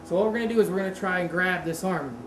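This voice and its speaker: A woman's voice: lowish voice, racing. A woman teaching a martial arts seminar, talking casually, quizzing the class and correcting herself. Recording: roomy echo with steady background noise.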